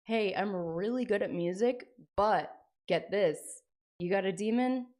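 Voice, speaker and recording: A woman putting on the voice of a brash male monk who pitches exorcisms like a salesman. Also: a little slow, darkish tone, close to an everyday voice. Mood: hustling. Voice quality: salesy, boastful.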